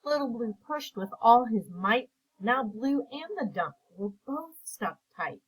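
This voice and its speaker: A woman teacher reading a picture book aloud and asking simple comprehension questions in a slow, clear, patient way. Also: a little high, animated, low-quality recording.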